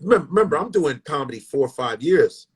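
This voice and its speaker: A husky middle-aged man spinning profane stories in loose, animated bursts. He sits a little high in pitch for a man and keeps cutting himself off and restarting. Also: brisk. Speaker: stand-up comedian, guest. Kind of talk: casual storytelling.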